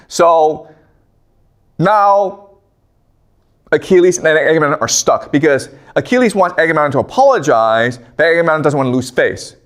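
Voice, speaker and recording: A male history lecturer giving a classroom lecture, retelling a myth in an animated storytelling style with casual slang and frequent check-ins. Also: a little high, moderate pace.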